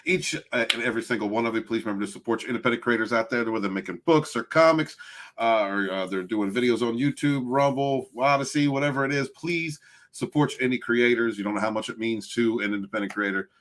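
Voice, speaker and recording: A man hosting a podcast in an upbeat, casual way, calling his guests brother. His voice sits at a typical middle pitch. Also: fairly even intonation, fast, fairly bright tone. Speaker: podcast host.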